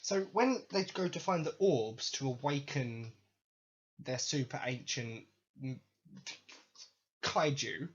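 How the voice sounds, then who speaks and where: A man's voice: medium pitch, slow, pauses often, husky. A man hosting a podcast, ranting about video games in a sweary, sarcastic, exasperated way. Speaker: podcast host. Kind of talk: ranting video game commentary. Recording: dull lo-fi recording.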